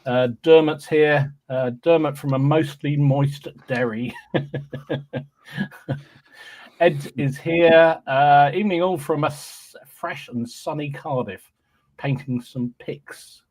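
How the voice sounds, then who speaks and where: A man's voice: on the high side, takes it slowly, a little mellow. A man hosting a podcast, cheerfully reading out live chat greetings with frequent ums and restarts. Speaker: podcast host.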